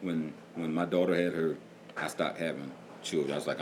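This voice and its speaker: A man's voice: extremely low pitch, steady tone, brisk, slight background noise. A middle-aged man hosting a casual livestream, chatting in a laid-back way and reading out viewers' comments. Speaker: livestream host and music producer.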